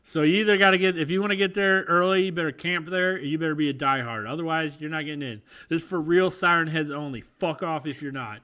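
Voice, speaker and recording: High, bright-voiced comedic man. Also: fast, hardly any pauses. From Midwest US. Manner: profane, riffing, bits in put-on voices. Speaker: podcast co-host. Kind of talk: comedic casual chat.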